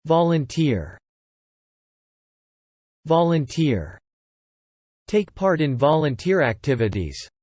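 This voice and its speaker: A narrator slowly reading an English word list for learners, saying each word twice and then a short example phrase in a deliberate way. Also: medium pitch, big pitch swings, a little mellow, no room sound. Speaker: vocabulary narrator.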